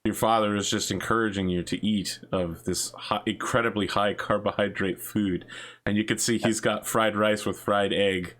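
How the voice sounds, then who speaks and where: Low-voiced laid-back game master. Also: male voice, normal speed. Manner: relaxed, filler-heavy narration. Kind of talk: narrating a tabletop game.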